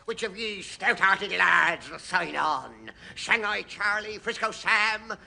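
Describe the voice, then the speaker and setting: Bluff pirate recruiter, high and very slow, 1960s radio comedy. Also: male voice, animated, creaky, sharp tone, full character voice. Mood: blustering. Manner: slow, drawn-out pirate dialect.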